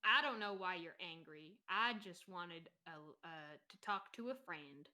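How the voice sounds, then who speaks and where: A woman voicing a tall, relentlessly cheerful male adventurer in a tabletop game, with a put-on Southern drawl and a soothing, gently preachy manner. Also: lowish voice, animated, a little slow, pitched below the performer's own voice, heavily acted. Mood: earnest, soothing. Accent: put-on American Southern. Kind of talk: tabletop role-play.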